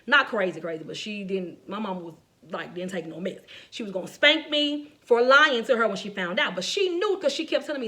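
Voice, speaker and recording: Using a medium-pitched voice at a somewhat fast clip, a middle-aged woman recounts personal stories in a talk about faith. She's chatty and expressive, laughs often, and addresses her audience head-on.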